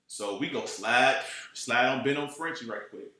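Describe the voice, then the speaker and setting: A man from Chicago telling a road-trip story in a casual, animated way, cursing freely, full of slang and asides. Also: mid-range voice, normal speed. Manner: animated, profane, streetwise slang, keeps asking "you know what I'm saying". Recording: very echoey room.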